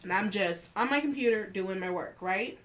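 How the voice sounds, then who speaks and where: A woman casually telling a story from work, acting out what others said with raised voices. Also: mid-range voice. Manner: unhurried, acts out the quotes of others with raised voices.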